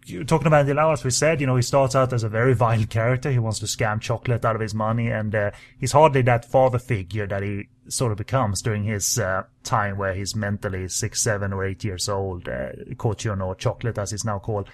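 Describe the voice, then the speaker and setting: A man's voice: lowish voice, fairly even intonation, brisk, hardly any pauses. A man co-hosting a podcast, talking casually and enthusiastically about films, with many fillers and restarts. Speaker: podcast co-host. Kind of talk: casual film discussion.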